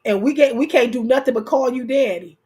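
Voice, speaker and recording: Woman co-host chatting loose and animated, high voice, says stuff twice for emphasis. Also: a little fast. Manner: animated storytelling, repeats phrases for emphasis; speaks straight to the audience. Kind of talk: casual chat.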